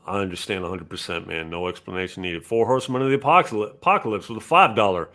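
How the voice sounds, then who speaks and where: A man with a fairly low voice hosts a relaxed gaming podcast. He reads viewer donations and chats loosely, with a lively delivery that jumps from loud bursts to quiet mumbles. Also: fast. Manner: animated, swings between loud bursts and low mutters. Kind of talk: casual chat.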